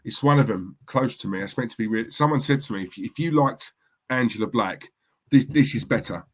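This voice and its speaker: A man's voice: mid-range voice, a little fast. A man hosting a live stream, chatting casually and reading out viewer comments in a rambling, repetitive way. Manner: chatty, rambling, repeats himself. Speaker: livestream host.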